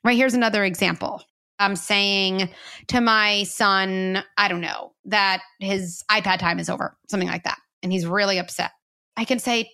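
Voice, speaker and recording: A woman's voice: mid-range voice, fairly even intonation, normal speed, gravelly, sharp tone. Woman explaining parenting ideas earnestly. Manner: earnest, explanatory, with frequent "like" and "you know". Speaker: guest, parenting expert and author. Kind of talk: conversational interview.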